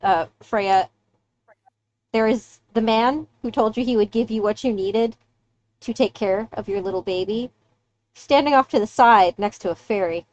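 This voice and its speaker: A woman's voice: fairly high pitch, normal speed, darkish tone, lo-fi sound. A woman running a tabletop game, describing the scene casually. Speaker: game master.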